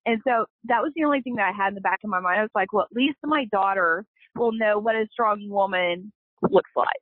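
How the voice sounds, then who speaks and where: A woman's voice: medium pitch, brisk, no echo. Earnest woman on a tinny phone line. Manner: earnest, emotional storytelling with lively swings. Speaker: guest, company founder. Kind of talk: casual storytelling interview.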